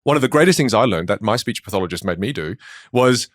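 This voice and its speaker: A man with an Australian accent, a speech coach talking in a podcast interview with quick, emphatic storytelling. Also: on the low side, lively intonation, no room sound, studio quality.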